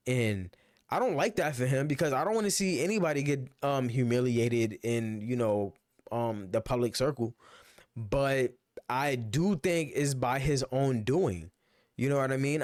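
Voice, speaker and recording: A man's voice: mid-range voice, lively intonation, moderate pace, a little mellow, no echo, clean studio sound. A man giving casual, rambling reaction commentary on a streaming clip, often saying "bro" and "you know".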